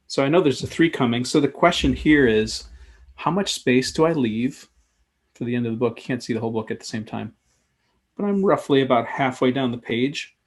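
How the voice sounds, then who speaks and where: Male instructor, husky mid-range voice, casual think-aloud tutorial narration. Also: medium pitch, animated, fairly quick. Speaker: sketchnoting instructor. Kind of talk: live drawing tutorial commentary.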